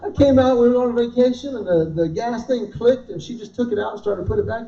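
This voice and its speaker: A male comedian tells animated stories to a live audience and plays out both sides of each conversation. His voice is high but mellow. He is picked up from a distance in an echoey hall, and the sound is dull and lo-fi. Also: fast talker, creaky. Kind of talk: stand-up comedy with a faith message. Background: audience laughter.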